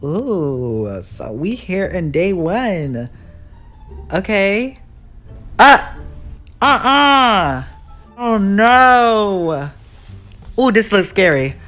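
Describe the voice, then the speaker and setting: A woman's voice: mid-range voice, takes it slowly, long pauses, soft background music. Jumpy, shrieking woman gamer. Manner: excitable, jumpy, with sudden shrieks and slangy asides. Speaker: gaming YouTuber. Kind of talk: live gameplay commentary.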